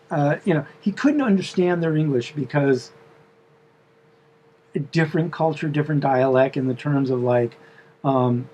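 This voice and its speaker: Man casually recounting a dream, higher voice. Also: a little mellow, highs cut off, a little hiss or hum. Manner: meandering, full of fillers and asides. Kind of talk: casual storytelling.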